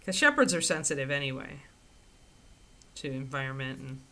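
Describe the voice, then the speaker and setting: Chatty, animated woman livestream host. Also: normal speed, slight background noise. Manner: chatty and rambling, with frequent laughs; animated, swinging pitch into playful quoted voices. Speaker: livestream host answering viewer questions. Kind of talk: casual chat.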